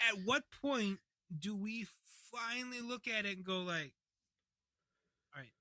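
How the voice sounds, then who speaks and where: A man's voice: high-pitched, normal speed, pushed and bright. A man co-hosting a casual chat, talking in an indignant, sarcastic and profane way. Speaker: co-host.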